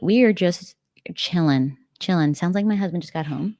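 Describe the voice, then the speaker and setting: Chatting casually on her livestream, a young American woman stays bubbly and leans on "like" and light laughter. Her fairly low voice has a darkish tone and a normal pace, with clean studio audio and no echo.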